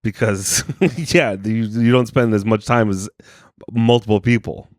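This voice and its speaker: A man's voice: on the low side, fairly even intonation, unhurried, dry recording, clean studio sound. A man in his thirties co-hosting a comedy podcast, defending himself and arguing in circles. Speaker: podcast co-host. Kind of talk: casual comedic banter. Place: home studio room.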